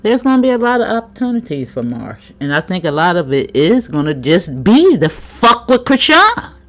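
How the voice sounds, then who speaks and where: A woman's voice: on the low side, big pitch swings, moderate pace. A woman giving a casual, frank tarot reading commentary, chatting, swearing freely and laughing often. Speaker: tarot reader.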